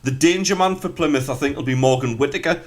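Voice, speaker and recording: A man's voice: on the high side, fast talker. A man with a North East English accent giving football analysis on a breakfast radio show, talking casually with plenty of fillers and restarts. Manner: chatty, frequent fillers and restarts. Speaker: football pundit.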